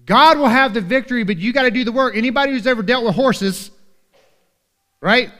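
A man's voice: very high voice, brisk, fairly bright tone, big-room sound. A man preaching a sermon as pastor in a church, talking earnestly and conversationally and often checking in with "right?". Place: church sanctuary.

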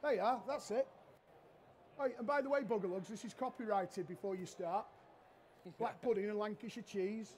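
A middle-aged man, a chef giving a live cooking demonstration on a trade show stage and joking loudly with the crowd and his helpers. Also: sits high, normal speed, pauses often, a little hiss or hum. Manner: cheeky, loud-mouthed joker. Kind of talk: live cooking demo with banter.

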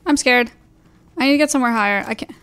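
Playing a shooter game on stream, this young woman talks anxiously and repetitively to her chat as live gaming commentary. She speaks fast in a fairly high, somewhat bright voice, with slight background noise.

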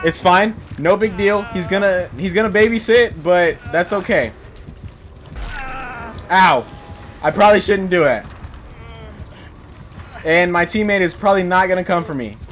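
A man giving let's play commentary, panicky and talking to himself, yelping and shouting for help. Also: high voice, measured pace, long pauses, soft background music. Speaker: gaming video creator.

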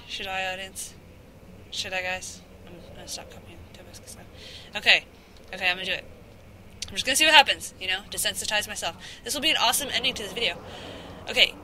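A woman giving playful let's play commentary, talking to the game's monsters and to her viewers. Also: mid-range voice. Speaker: gaming channel host. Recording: background noise under the voice.

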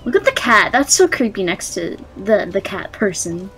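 A woman's voice: mid-range voice, very animated, normal speed, a bit bright, faint music behind, poor audio. A woman on a game stream, asking dry teasing questions. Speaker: co-player, voice actor. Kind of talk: casual let's-play banter.

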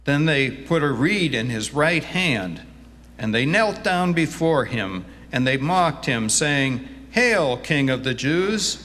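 A man serving as pastor, giving a scripture reading and sermon in a church, reading slowly and deliberately and growing animated as he preaches. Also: a little high. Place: church sanctuary. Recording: long reverb from a church hall.

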